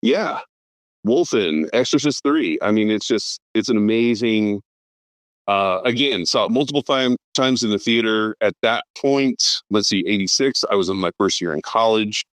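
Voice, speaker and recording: A man in his fifties talks movies on a podcast. He's enthusiastic and rattles off cast lists and credits between lots of ums. His voice sits a little low, recorded close and totally dry. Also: lively intonation, normal speed, fairly bright tone, dry recording. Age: 50s. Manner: enthusiastic, rattles off names and credits, frequent fillers. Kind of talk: casual film podcast chat.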